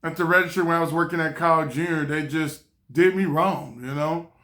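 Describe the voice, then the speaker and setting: Speaking straight to camera, a young small-town vlogger tells a story in a casual, animated way. His voice is bright, forceful, and a little high, moving at a moderate pace, and he laughs often while acting out the people in his tale.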